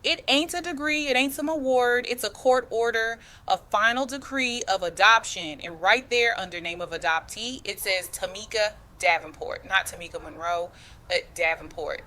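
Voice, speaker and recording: A woman's voice: medium pitch, normal speed, pushed and bright. Bold-voiced woman telling her own story. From United States. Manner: slangy, confiding, talks straight to the listener. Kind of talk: first-person dramatic storytelling.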